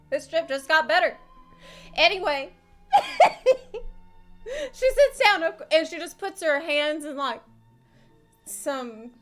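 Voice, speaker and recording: A woman's voice: very high-pitched, sharp tone. A tired woman streaming, chatting casually and rambling, often breaking into laughter.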